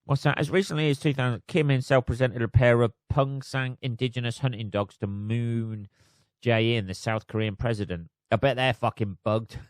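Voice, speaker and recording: A man's voice: mid-range voice, fairly even intonation, moderate pace, no echo, studio quality. A man hosting a solo podcast, reading news aloud and riffing on it in a sweary, sardonic way. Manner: sweary, sardonic, laughs at his own jokes. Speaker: podcast host.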